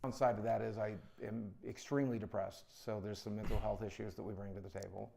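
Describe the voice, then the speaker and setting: A man's voice: lowish voice, steady tone, quick pace, gravelly, warm tone, a little hiss or hum. A man in a documentary interview, talking about himself in a matter-of-fact, self-deprecating way. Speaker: job-seeking interviewee.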